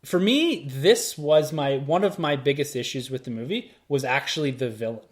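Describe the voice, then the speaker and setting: A man's voice: mid-range voice, animated, normal speed. A man hosting a podcast, leading a casual movie review chat and asking his co-hosts questions. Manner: leads the talk, asks the others questions. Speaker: podcast host.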